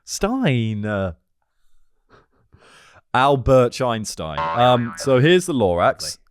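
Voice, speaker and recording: A man co-hosting a comedy podcast, teasing and deadpan. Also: mid-range voice, extremely slow, a little hiss or hum. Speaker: podcast co-host. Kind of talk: casual comedic chat.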